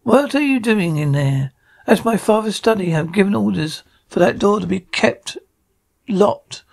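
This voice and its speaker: A man's voice: sits high, lively intonation, unhurried, gravelly, full character voice. A man voicing a proud, hot-tempered young woman who gives orders. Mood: imperious.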